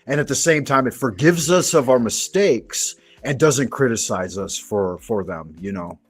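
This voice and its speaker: A man's voice: medium pitch, expressive, moderate pace, slightly rough. A man from Southern California hosting a casual chat, telling rambling, profane anecdotes. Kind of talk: casual conversational storytelling.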